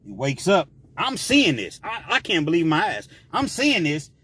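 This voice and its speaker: Animated man telling a story. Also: fairly high pitch, normal speed, breathy edge, no room sound. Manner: animated, slangy, shouts sound effects. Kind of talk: casual storytelling.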